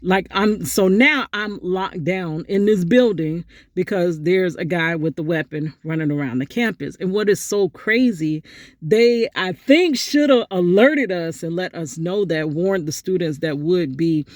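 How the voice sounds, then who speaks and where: A woman's voice: measured pace, no echo. Middle-aged woman vlogging, chatty storytelling, talks right to the camera, dry close sound. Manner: animated, acts out quotes with big pitch jumps; chatty, addresses viewers directly. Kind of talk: casual storytelling vlog.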